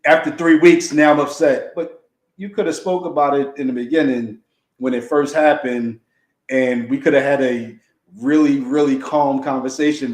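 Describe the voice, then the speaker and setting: A man's voice: medium pitch, darkish tone. A man in casual conversation, talking reflectively and colloquially about his marriage and how he holds back his feelings. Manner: reflective, colloquial, thinks aloud. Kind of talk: casual chat. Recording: roomy echo.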